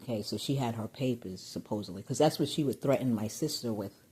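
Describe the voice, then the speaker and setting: Low, husky-voiced agitated woman vlogger. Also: fairly quick. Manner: agitated, rambling, swings loud and high when riled. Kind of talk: venting personal vlog.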